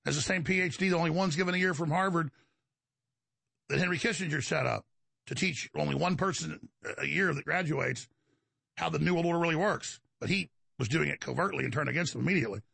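A man's voice: fairly high pitch, quick pace, vocal fry, bright, forceful tone, breathy edge, dry recording. A man with a Texan accent hosting a talk show, delivering a combative, rambling monologue to his listeners. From Texas. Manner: combative, digressive, addresses listeners as folks.

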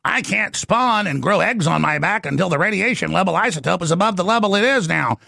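A man's voice: high-pitched, animated, brisk, vocal fry, bright, forceful tone, no echo, studio quality, exaggerated voice. A man voicing a scheming male reptilian alien who loves radiation, with a gloating sneer.

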